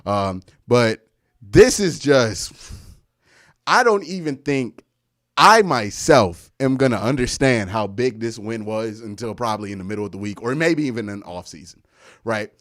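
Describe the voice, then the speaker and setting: A man's voice: mid-range voice, animated, measured pace. A young man hosting a live sports stream, boasting and trash-talking the rival team while he thanks viewers for their messages. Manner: boastful trash talk with shouts and laughs, reads out viewer messages. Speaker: sports show host.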